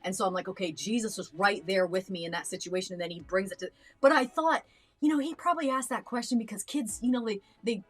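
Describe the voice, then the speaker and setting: Over soft background music, a young woman co-host on a reaction show talks quickly in a medium-pitched voice. She's recounting something personal, earnestly and casually, with plenty of fillers and restarts.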